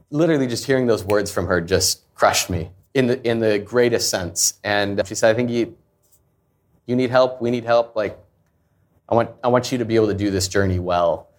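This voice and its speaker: A man's voice: on the low side, moderate pace. A man in his thirties, a company founder, telling a personal story in an interview in an earnest, confessional way. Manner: earnest, confessional, acts out quoted voices. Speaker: founder and CEO, guest.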